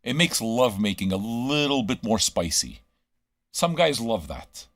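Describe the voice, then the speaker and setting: A man's voice: medium pitch, big pitch swings, unhurried, a bit bright, no echo. A man hosting a live radio stream, ranting crudely at his listeners with constant swearing and rhetorical questions. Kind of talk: crude rambling monologue to chat.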